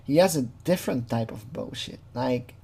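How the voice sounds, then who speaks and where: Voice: mid-range voice, expressive, normal speed, gravelly, warm tone, slightly rough. A casual true crime commentator who talks freely, laughs often, swears, and mimics the people being quoted.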